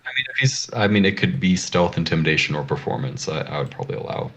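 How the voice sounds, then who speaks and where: Deep-voiced male game master. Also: big pitch swings, fast, a crowd in the background. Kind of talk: running a tabletop game.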